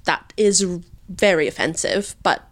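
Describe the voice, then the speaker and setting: A patient, exasperated lawyer. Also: female voice, fairly low pitch. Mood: dry. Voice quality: calm, measured, correcting. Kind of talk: improvised comedy podcast.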